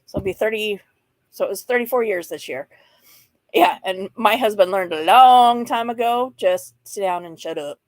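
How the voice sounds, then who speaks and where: A woman's voice: mid-range voice, moderate pace, no echo. Frank, chatty woman in a dry room. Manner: chatty and frank, laughing often, with playful asides. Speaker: host of a mental health livestream. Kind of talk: casual talk reading slides and chatting with viewers.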